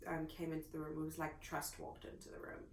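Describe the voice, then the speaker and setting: A young adult woman co-hosting a casual chat, telling a story in a relaxed way and laughing often. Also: sits low, quick pace. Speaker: co-host. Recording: echoey room with faint noise.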